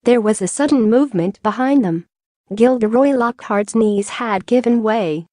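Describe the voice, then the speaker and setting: A woman reads an audiobook in measured, even storytelling narration. Her voice sits fairly high. The recording is dry and close, with no room sound. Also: no room sound. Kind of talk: scripted narration.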